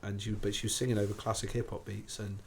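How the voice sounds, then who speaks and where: A man's voice: lowish voice, quick pace, vocal fry, slight background noise. A man from England telling a long, sweary anecdote as a DJ guest on a casual chat show. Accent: Bristol English. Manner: sweary, animated, acts out quoted voices.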